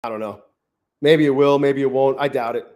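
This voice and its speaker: A man streaming his futures trades live from his garage, thinking aloud and swearing often, swinging from flat muttering to loud gloating. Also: mid-range voice, brisk. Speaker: trading livestreamer. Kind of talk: live trading stream commentary. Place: home garage.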